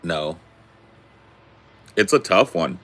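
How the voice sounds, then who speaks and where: A man's voice: low voice, expressive, very slow, fairly bright tone. A man in his forties who answers viewer questions in casual chat, in a laid-back, joking, rambling way. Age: 40s.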